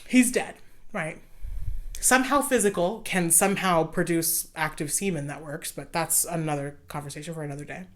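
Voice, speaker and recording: A young woman hosting a show, ranting in casual commentary, animated, sarcastic and exasperated. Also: mid-range voice. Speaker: host.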